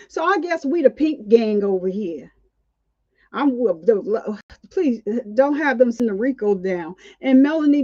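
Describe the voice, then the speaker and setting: A woman's voice: high-pitched, mellow, dry recording, muffled recording. A woman hosting a casual, outspoken commentary on a court trial, indignant and chatty. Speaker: commentary channel host.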